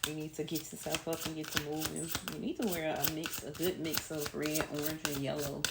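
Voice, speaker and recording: A woman with a low voice reads tarot for her viewers. She talks in a chatty, soothing way. The recording sounds echoey, with steady noise behind her. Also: a little fast, gravelly. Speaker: tarot reader. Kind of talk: casual spiritual reading.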